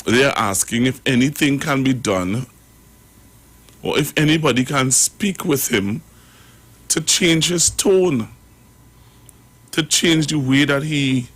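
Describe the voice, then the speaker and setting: Trinbago radio host guy, talks slow, lots of ums and restarts. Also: mid-range voice, fairly bright tone. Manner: rambling, halting, full of fillers and restarts. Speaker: radio talk show host. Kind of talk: radio commentary.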